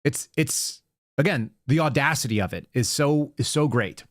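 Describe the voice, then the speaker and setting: A man's voice: mid-range voice, expressive, moderate pace, no room sound, clean studio sound. A man hosting his own show, talking casually in a monologue and often repeating words as he restarts. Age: adult with young child. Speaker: podcast host.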